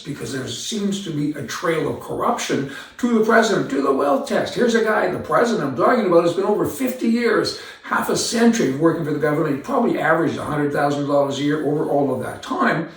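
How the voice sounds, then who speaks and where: A man with a gravelly, slightly high voice delivers a rambling, indignant commentary in a folksy manner. He sounds some way from the mic in a very echoey room. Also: far from the mic. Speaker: commentary host. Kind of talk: opinion commentary monologue.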